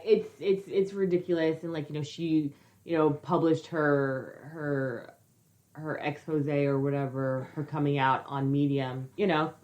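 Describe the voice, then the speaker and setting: A woman with a low voice co-hosts a casual podcast chat. She talks bluntly and sounds exasperated, swearing freely as she talks about her school-age child. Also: steady tone, a little slow, a little mellow, muffled recording. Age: adult with a school-age child. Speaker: podcast co-host.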